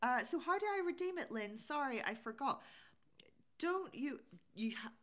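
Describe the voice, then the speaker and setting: A woman's voice: high voice, animated, normal speed, a bit bright. A woman hosting a casual live stream, chatting and reading out viewer comments. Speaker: livestream host.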